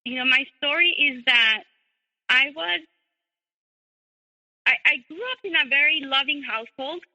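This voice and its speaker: A woman guest telling her personal story in a measured way, with many pauses and restarts. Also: sits high, bright, forceful tone, in a large hall, low-quality recording. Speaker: interview guest.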